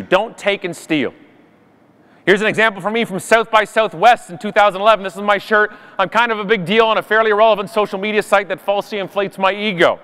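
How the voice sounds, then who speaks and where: A man giving an animated, jokey conference keynote from a stage. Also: high-pitched. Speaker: conference speaker. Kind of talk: keynote talk. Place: large conference hall. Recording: long hall reverb.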